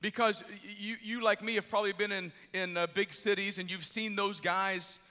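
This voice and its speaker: In a large church with a balcony, a middle-aged pastor preaches in a joking, conversational way, seeming a little jet lagged, as long hall reverb trails his words. His voice sits high and bright with a forceful tone, though the delivery is flat and at normal speed.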